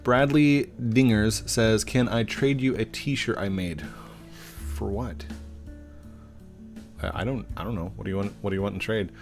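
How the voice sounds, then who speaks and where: His voice sits on the low side, steady and unhurried, broken by long pauses. The middle-aged game streamer goofs around while reading viewer questions on his casual live stream, stumbling over usernames against faint guitar music.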